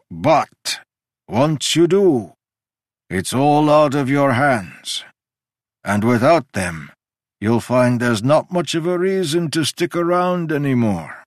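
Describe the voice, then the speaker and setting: A man voicing an ancient male god who lectures in a sweeping, emphatic way, with sudden jumps in pitch. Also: no room sound, studio quality. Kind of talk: audiobook character reading.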